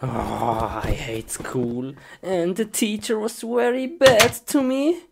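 A woman voicing a comedy skit, chattering to herself in broken English, giggling and breaking into sudden high-pitched squeals of panic. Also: takes it slowly, vocal fry, background noise.

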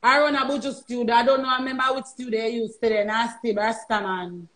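A Jamaican woman live streaming, ranting loudly and mockingly with heavy cursing. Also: high voice, steady tone, quick pace, poor audio.

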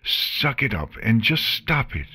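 A man's voice: medium pitch, very animated, takes it slowly, sharp tone, breathy edge, voice pushed up, exaggerated voice. A man voicing a proud but distraught female changeling queen in an audiobook, with tearful, self-reproaching outbursts. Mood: frantic. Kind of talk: audiobook character voice.

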